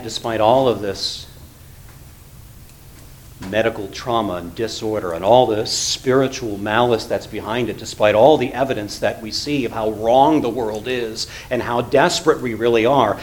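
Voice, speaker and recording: A male pastor preaching an earnest sermon, rising to emphatic lines and dropping to quiet, low passages. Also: rough recording. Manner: earnest preaching, swells loud then drops to quiet low tones.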